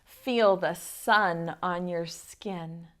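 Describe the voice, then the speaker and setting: Woman reading as a drowsy, calm male lizard. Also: medium pitch, creaky, exaggerated voice. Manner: slow, soothing, drowsy.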